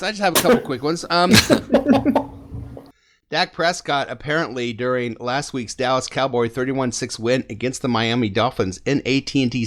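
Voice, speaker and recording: A man hosting a fan sports podcast, telling stories in a casual, animated way and laughing often. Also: fairly high pitch. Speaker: podcast host.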